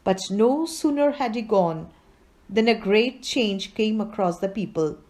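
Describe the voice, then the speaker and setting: A woman's voice: mid-range voice, expressive, a little slow, darkish tone. A woman reading a classic fairy tale aloud, expressively voicing its characters. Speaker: reader. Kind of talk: storybook reading.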